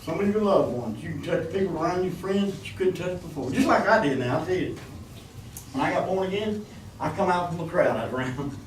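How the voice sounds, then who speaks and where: A man's voice: a little high, animated, a little fast, distant mic, slight background noise. A man preaching a folksy sermon, calling out for amens from the congregation. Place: church. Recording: echoey church room, mic from afar.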